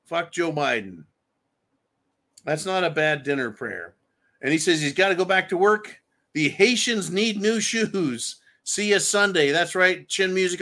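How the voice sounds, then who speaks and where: A man's voice: high-pitched, pushed and bright. Angry, foul-mouthed man ranting. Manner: angry, crude, swears constantly. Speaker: show host reading viewer comments. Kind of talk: profane political rant.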